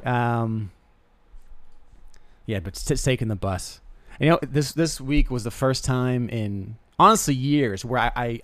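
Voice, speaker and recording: A young man talking off the cuff in a comic monologue, mid-pitched and recorded dry and close. He rambles and restarts his sentences, and he pokes fun at himself as he goes. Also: no room sound. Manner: rambling, self-deprecating, stammering restarts. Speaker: podcast host. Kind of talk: casual comedic monologue.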